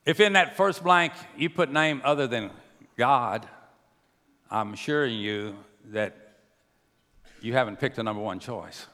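A man preaching a sermon to a church, swinging between hushed and raised delivery. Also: mid-range voice, unhurried, long pauses. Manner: preaching with wide swings from soft to loud. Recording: long hall reverb.

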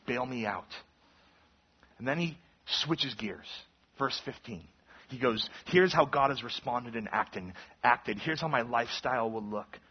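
Husky earnest male preacher. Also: mid-range voice, lo-fi sound. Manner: earnest, emphatic teaching with rising intensity. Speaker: pastor. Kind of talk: sermon.

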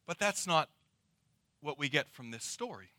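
A middle-aged man preaching a sermon, dramatic and swinging between loud emphasis and hushed, drawn-out words. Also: on the high side, lively intonation, no echo. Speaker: pastor.

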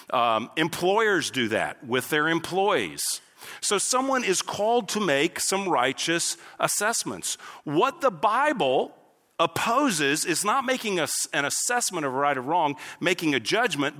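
Male pastor, bright and animated, preaching in a reverberant hall. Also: a little high. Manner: animated preaching with acted-out asides. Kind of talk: sermon.

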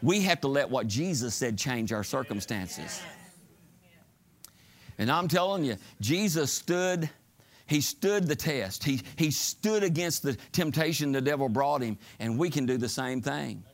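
A man's voice: medium pitch, lively intonation, unhurried. A man preaching a fervent sermon, asking the congregation for call-and-response amens. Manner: fervent, shouting climaxes, call-and-response asides.

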